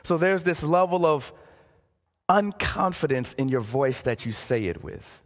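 High, animated preacher in a big hall. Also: male voice, a little slow. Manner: dramatic, drops to near-hushed phrases for emphasis. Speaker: pastor. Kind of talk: sermon. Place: church sanctuary.

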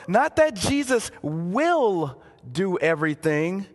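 A male pastor preaching with a high, lively, swooping voice and unhurried pace. He turns dramatic and sinks to near-hushed words for emphasis. His voice rings with the long reverb of a large church hall. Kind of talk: sermon. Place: church sanctuary.

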